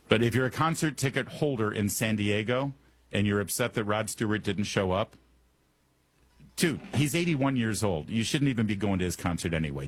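A man's voice: lowish voice, slightly rough. A man hosting a talk radio show, delivering a joking monologue full of wry asides and puns. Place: Washington, D.C. studio.

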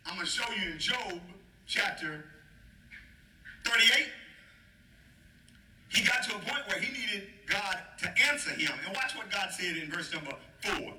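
A man preaching a sermon as pastor, animated and playful, calling out to the congregation for responses. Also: high voice, a little slow, pauses often. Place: church. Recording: echoey room, faint noise.

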